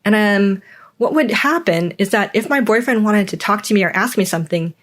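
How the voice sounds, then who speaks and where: A woman's voice: medium pitch, animated, a little fast. A young adult woman hosting a podcast, speaking candidly in a reflective personal monologue and acting out the voices in her stories. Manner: candid, acts out quoted voices. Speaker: podcast host.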